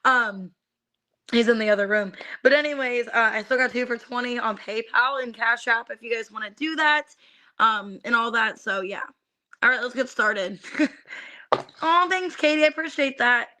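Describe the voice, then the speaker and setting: A young woman chats her way through a live tarot reading, loose and unscripted, full of ums and little asides to viewers. Her voice sits a touch high and rings bright and forward. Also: moderate pace. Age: young adult. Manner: chatty, many fillers, greets viewers by name. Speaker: tarot reader streaming live. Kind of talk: casual live-stream chat.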